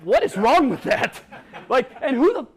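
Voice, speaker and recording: A man's voice: extremely high pitch, sing-song, measured pace. A man from Wisconsin giving a stage presentation at a conference on a lapel mic, swearing for emphasis and tagging lines with "okay?" and "right?". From Wisconsin, USA. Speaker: conference speaker.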